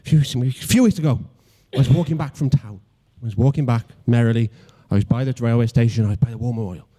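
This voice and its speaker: Stammering young Welsh stand-up comic. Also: male voice, mid-range voice, quick pace, dark tone. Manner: self-deprecating, stammering restarts, mock-logical. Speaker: stand-up comedian. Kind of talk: stand-up comedy routine.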